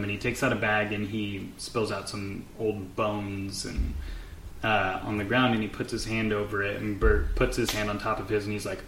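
Man, game master narration, casual with fillers, low voice, roomy echo. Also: little pitch movement, moderate pace, fairly bright tone, a little hiss or hum. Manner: casual, filler-heavy storytelling.

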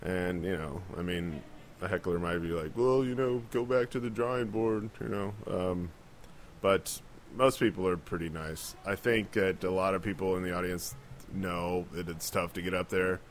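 A man's voice: low-pitched, steady tone, moderate pace, a little hiss or hum. A man chatting casually on a podcast as a comedian, telling profane club stories and mimicking people. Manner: profane, loose storytelling with mimicked voices.

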